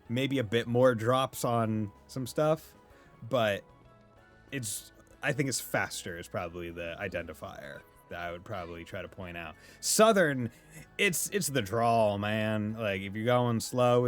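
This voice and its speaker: A man from Massachusetts with a Massachusetts accent, chatting casually and rambling as he streams a game, laughing often. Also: mid-range voice. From Massachusetts, USA. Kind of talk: casual chat while playing a game.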